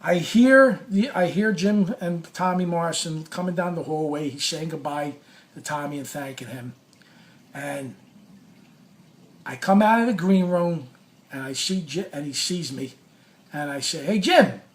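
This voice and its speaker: High-voiced man telling a profane story. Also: a little slow. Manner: animated, profane, reenacts his own quotes. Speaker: former sports radio caller. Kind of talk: casual personal storytelling.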